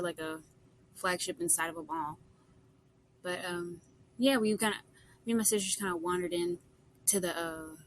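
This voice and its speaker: A young woman casually telling a rambling story, full of fillers and quoted dialogue. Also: on the low side.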